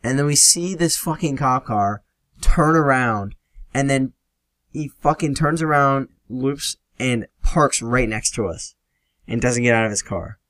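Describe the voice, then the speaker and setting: A man's voice: mid-range voice, dry recording. Young man swearing through a story. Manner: profane, animated retelling with quoted dialogue. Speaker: podcast host. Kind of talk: casual solo storytelling.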